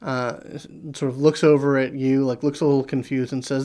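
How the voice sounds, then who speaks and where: A man narrates as game master for a tabletop game, pausing often and filling gaps with hesitant sounds. His voice sits at an ordinary middle pitch. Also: little pitch movement, warm tone. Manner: hesitant, many filler sounds.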